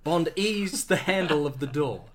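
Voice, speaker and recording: A playful narrator tells an improvised comic tale with a lively, swinging pitch. The voice sits in a middle register. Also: unhurried. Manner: playful, laughs often. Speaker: storyteller.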